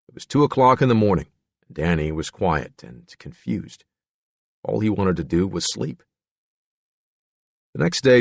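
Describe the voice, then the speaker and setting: A man narrating a true-crime audiobook in a measured storytelling manner. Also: on the low side, dry recording. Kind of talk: scripted narration.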